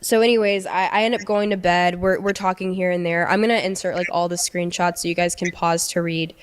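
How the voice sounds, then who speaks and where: A young woman recounting a personal story in a casual, halting way, often restarting her sentences. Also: lowish voice, flat delivery, clean tone. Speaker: storyteller recounting a past relationship.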